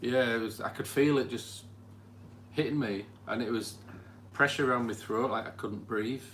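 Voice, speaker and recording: A man from Britain in casual chat, describing what he went through in a plain, halting way. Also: medium pitch, a bit bright. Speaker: experiment participant. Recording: faint background noise.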